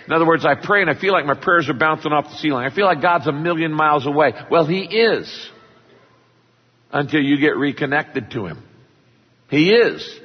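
A man's voice: on the high side, animated, moderate pace, big-room sound, lo-fi sound. A man preaching a sermon, telling a parable and acting out the characters' lines. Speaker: pastor.

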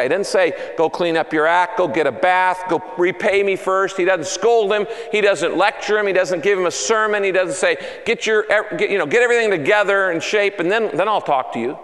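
A male pastor preaches with a lively storyteller's manner, slipping into the voices of the people he quotes. His voice sits high for a man. The sound carries a long hall reverb. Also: moderate pace. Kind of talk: sermon.

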